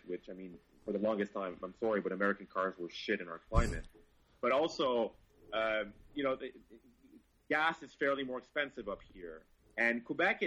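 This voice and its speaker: A man's voice: fairly low pitch, sharp tone, husky, lo-fi sound. A man who writes about cars, chatting casually and swearing eagerly in a podcast conversation. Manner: enthusiastic, swears freely. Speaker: car journalist guest.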